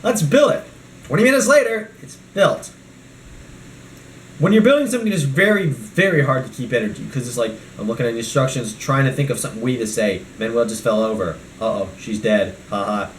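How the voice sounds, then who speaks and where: A man's voice: medium pitch, brisk, reverberant, a little hiss or hum. A man vlogging a toy review, rambling and ranting from one topic to the next.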